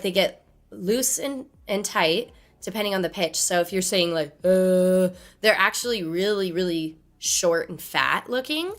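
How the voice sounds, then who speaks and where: Female streamer, hoarse with laryngitis, bright edge, blunt and chatty, studio mic. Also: mid-range voice. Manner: blunt, chatty, explains with gestures. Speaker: musician streamer. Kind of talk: casual live-stream chat. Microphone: studio microphone.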